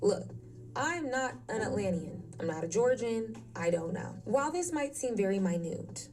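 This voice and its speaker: A woman narrates a scripted video essay in a measured, explanatory way. Her tone is mellow and dark. She sounds distant, as though the audio is being played back through a stream. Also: fairly high pitch, big pitch swings.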